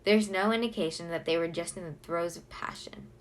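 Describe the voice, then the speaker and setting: A woman narrating a novel in the first person with an expressive, lively delivery. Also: fairly low pitch, fairly quick. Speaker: audiobook reader.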